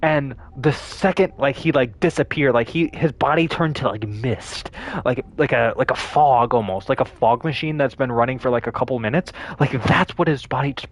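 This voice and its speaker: Young man, gaming streamer, casual storytelling, rambling, animated, swearing. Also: medium pitch, normal speed.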